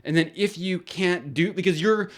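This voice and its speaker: A man's voice: high voice, moderate pace. A man hosting an astrology channel, talking in a casual rambling monologue with many restarts and casual swearing.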